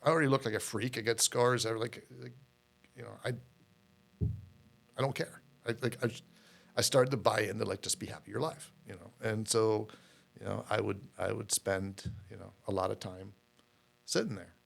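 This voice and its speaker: A middle-aged man with a low, gravelly voice, speaking as an interview guest. He tells his story candidly and loosely, restarting sentences and repeating words as he goes. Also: steady tone, normal speed. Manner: rambling, repeats words, many fillers. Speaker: podcast guest.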